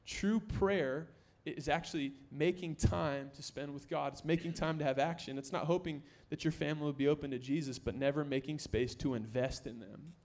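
A young man preaching a sermon in a church, joking with the congregation and rising to near-shouts to stress his points. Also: fairly high pitch, moderate pace. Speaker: pastor. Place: church sanctuary.

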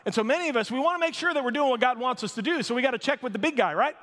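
Male pastor, high voice, lively storytelling sermon in a big reverberant hall. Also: rapid-fire. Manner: animated storytelling, acts out shouting voices. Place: church sanctuary.

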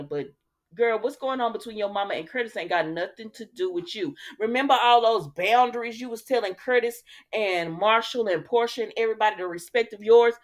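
A woman hosting a casual soap opera recap, chatty and opinionated, talking straight to her viewers. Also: a little high. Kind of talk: casual chat recapping episodes.

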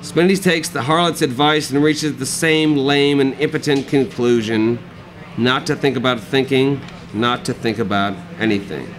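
A man reading his own dark comic prose aloud at a live cafe reading, with a dry, sardonic delivery. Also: mid-range voice, normal speed, rough recording.

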